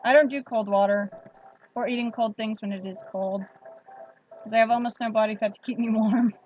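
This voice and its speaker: A woman's voice: on the high side, fairly even intonation, a little fast, a little mellow, highs cut off, slight background noise. A woman hosting a casual livestream, chatting with viewers and laughing often. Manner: chatty, laughs often, reads out chat comments. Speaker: livestream host.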